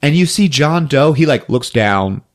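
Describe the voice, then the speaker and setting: A man's voice: mid-range voice, animated, unhurried. A man hosting a podcast, recapping a film in casual chat, laughing often and acting out the characters. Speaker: podcast host.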